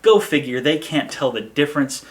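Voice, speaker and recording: A woman reviewing an anime episode in a sarcastic, animated way, often slipping into exaggerated voices for the characters. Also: sits low, normal speed.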